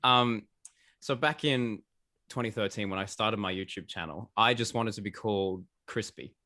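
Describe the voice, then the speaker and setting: A man's voice: lowish voice, moderate pace, bright, forceful tone, no echo, clean studio sound. A man with an Australian accent, a podcast guest chatting in a laid-back, self-deprecating way. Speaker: YouTuber guest. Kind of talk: casual interview chat.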